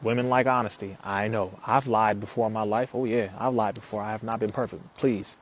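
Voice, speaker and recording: A man's voice: lowish voice, steady tone, brisk, slight background noise. A man talking to viewers on a live stream, reading their comments and answering them, preachy and emphatic, repeating his points. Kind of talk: casual live stream talk.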